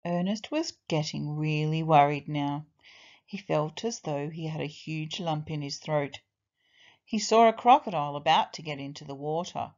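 A woman teacher reading a children's storybook aloud in an expressive, deliberate way. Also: low-pitched, muffled recording.

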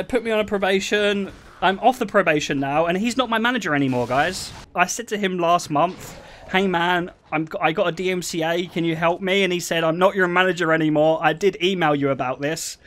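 A man's voice: high voice, a little hiss or hum. A man, a streamer telling stories in casual chat, swearing and breaking into laughter. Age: 20s. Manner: animated storytelling, swearing and bursting into laughter.

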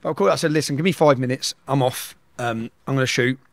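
A man's voice: mid-range voice, quick pace, no echo, studio quality. A middle-aged man, telling a story at speed in an interview and acting out the dialogue. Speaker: guest.

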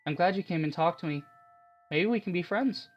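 A man's voice: high voice, a little fast, lo-fi sound, soft background music. A man reading as a shy, clever schoolgirl. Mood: wistful.

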